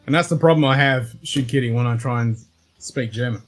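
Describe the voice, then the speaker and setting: An Australian man hosting a whisky livestream, talking fast with slurred, sweary banter. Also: medium pitch, faint music behind, rough recording. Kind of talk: casual livestream chat.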